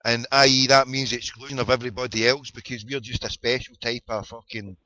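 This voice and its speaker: A man's voice: mid-range voice, level tone, brisk, a crowd in the background. A middle-aged Glaswegian man hosting an internet radio show, chatting casually, rambling, swearing and repeating his words. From Scotland. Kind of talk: casual phone-in chat. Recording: dull lo-fi audio.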